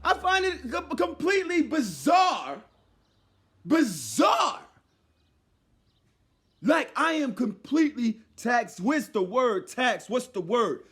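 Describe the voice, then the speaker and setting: High, animated man ranting loudly. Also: a little slow, few pauses. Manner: loud, exasperated, often shouting, mock-quoting others. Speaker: commentary vlogger. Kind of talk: animated rant commentary.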